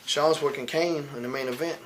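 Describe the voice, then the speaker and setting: A slightly high, fairly bright voice speaks briskly over slight background noise. It belongs to a wrestler in his forties guesting in an interview, who tells candid stories bluntly and heatedly, with frequent swearing and put-on voices for the people he quotes.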